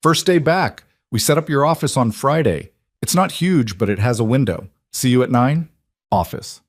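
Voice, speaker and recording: A man's voice: medium pitch, lively intonation, moderate pace, no echo, clean studio sound, voice pushed up. A man voicing a friendly male coworker in short, upbeat phrases.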